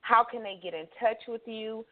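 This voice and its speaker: A woman's voice: a little high, moderate pace. A woman from Louisiana with a Louisiana accent, hosting a casual call-in radio talk show in a chatty, affirming way. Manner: affirming, chatty, lots of mm-hmms. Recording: tinny phone line.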